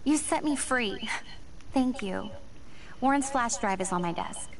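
An earnest young student speaks in a video game. Her voice is fairly high and set back from the mic, with light hiss. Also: lively intonation, unhurried, recorded from a distance.

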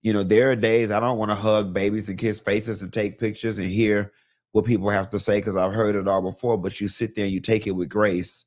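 Male gossip host, sassy and blunt, low-pitched, swears freely. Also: a little fast. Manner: sassy, blunt, profane, animated storytelling. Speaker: host of a live gossip show. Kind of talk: casual celebrity gossip commentary.

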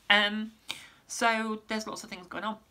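A woman, a musician giving a casual vlog update, rambling with many pauses and restarts, her voice going hoarse. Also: medium pitch, pushed and bright. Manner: rambling, lots of ums and restarts. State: losing her voice, clearing throat.

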